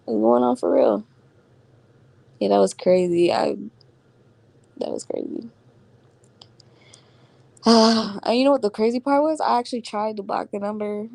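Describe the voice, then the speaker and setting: A woman chatting at home in a loose, slangy storytime voice, breaking into laughs. Her voice has some gravelly fry, recorded close and dry. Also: mid-range voice, moderate pace, pauses often, no echo. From Florida. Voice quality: slangy, animated, laughs often. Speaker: vlogger telling a story. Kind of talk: casual storytime chat.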